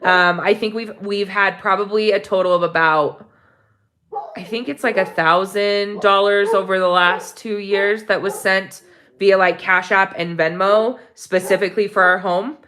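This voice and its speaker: A woman vlogger living in Mexico, chatting casually and warmly to her viewers, rambling with many ums and restarts. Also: mid-range voice, fairly even intonation, measured pace, a little hiss or hum. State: tearful near the end. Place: home in Mexico.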